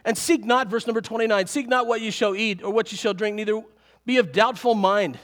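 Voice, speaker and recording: A middle-aged man preaching a sermon to a congregation, lively and animated, often chuckling. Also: sits high, brisk. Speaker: pastor.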